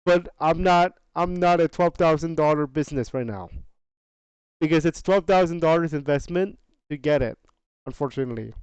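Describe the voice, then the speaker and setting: A man hosting a podcast, talking casually through game sales data in an unhurried, chatty way, often restarting his phrases and dropping slangy asides. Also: a little high, a little mellow, clear, resonant tone, dry recording, lo-fi sound. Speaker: podcast host.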